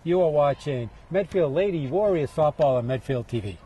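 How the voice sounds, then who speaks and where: A man with a New England accent giving relaxed, chatty play-by-play for a local TV softball broadcast. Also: on the high side, normal speed, slightly rough. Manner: relaxed, chatty, jokes with booth partner. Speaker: play-by-play announcer.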